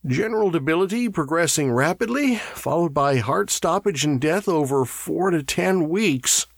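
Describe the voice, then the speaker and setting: A man voicing a gruff, bossy older medic who anxiously reads out symptoms. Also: a little high, lively intonation, moderate pace, no echo, studio quality, voice pushed up, heavily acted. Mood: alarmed. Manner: urgent, reading out symptoms.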